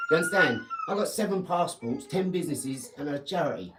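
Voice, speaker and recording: A man's voice: on the high side, huge pitch swings, fairly quick, few pauses, noisy background. Combative English man ranting in an echoey room. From England. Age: 40s. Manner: lecturing, combative, talks down to viewers. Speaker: live-stream host. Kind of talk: ranting live-stream monologue. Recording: echoey room, mic at a distance.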